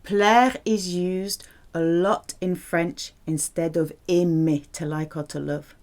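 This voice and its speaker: A woman teaching a French lesson, drilling verb forms slowly and checking in with the learner. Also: fairly low pitch. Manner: slow, deliberate drilling of verb forms with lively questions to the learner. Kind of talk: language lesson.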